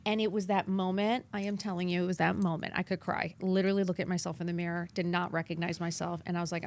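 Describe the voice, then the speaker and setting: A woman in her fifties from New York, with a New York accent, telling her story as a podcast guest, animated and acting out her past lines in quotes. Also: on the low side, fast, hardly any pauses, slight background noise. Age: 50s. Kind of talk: candid interview storytelling.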